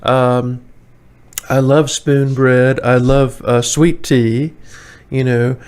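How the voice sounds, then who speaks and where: A man's voice: mid-range voice, level tone, very slow, darkish tone, clean tone. Chatty man with a Tidewater Virginia accent. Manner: chatty, rambling, many fillers, chuckles often. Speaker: vlogger. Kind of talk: casual opinionated monologue. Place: indoors, warm room.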